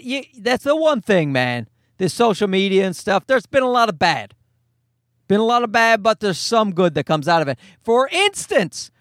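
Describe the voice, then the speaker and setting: A man telling a comedic rant with a profane, exasperated, animated delivery. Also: sits high, no echo, studio quality. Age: adult parent.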